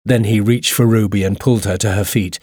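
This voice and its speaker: A man narrating a storybook in a steady, even reading voice. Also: fairly low pitch, fairly quick, husky, no room sound, studio quality.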